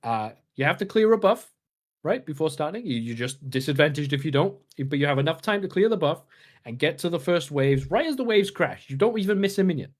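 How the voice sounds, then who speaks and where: On a gaming podcast, a male co-host lays out game strategy in a long, casual explanation full of fillers and restarts. He speaks fairly quickly, in an animated voice on the high side.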